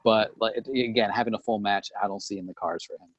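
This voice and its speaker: Male co-host, mid-pitched, measured, dry close sound, lo-fi. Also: fairly even intonation, no echo. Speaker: podcast co-host. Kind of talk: casual chat.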